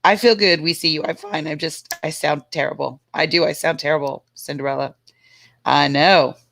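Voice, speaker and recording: A woman who is hoarse from a cold, co-hosting a casual livestream and greeting viewers by name. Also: low-pitched, moderate pace, fairly bright tone, a little hiss or hum. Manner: greets viewers by name one after another. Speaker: livestream co-host.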